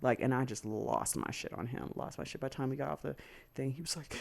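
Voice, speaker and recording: A woman's voice: rumbling low, vocal fry, a little mellow. A woman podcast host telling a candid personal story, swearing freely, venting hot anger and briefly mimicking other people's lines. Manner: profane, venting and heated, with quick mimicry of others.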